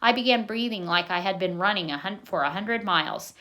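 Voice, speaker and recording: A woman narrating a novel in a plain, steady reading voice, now and then correcting her own slips. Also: mid-range voice, brisk.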